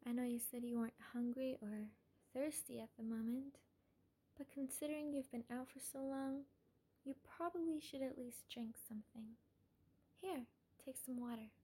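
A high, very breathy voice murmurs slowly in whispered role-play, a young woman playing a possessive kidnapper who dotes on her captive. The tone is mellow and soft, coaxing and tender, and the pace is unhurried. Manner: gentle, coaxing, calls listener darling. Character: obsessive doting female kidnapper, soft and possessive. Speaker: audio role-play performer.

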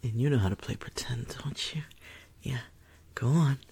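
Breathy, gravelly woman voicing a teasing seductress. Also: extremely low pitch, moderate pace, a little mellow, exaggerated voice. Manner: teasing, commanding, slips into breathy whispers. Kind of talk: whispered role-play.

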